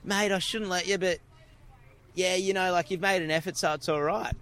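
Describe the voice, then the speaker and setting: A man voicing an easygoing male bottle-shop clerk, sounding relaxed as he gives in. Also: sits high, normal speed, no echo, voice pushed up. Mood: indulgent.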